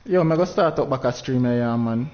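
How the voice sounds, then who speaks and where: A man's voice: medium pitch, brisk, highs cut off. A Jamaican man hosting a game tournament livestream, talking in heavy patois, frustrated and preaching at his viewers.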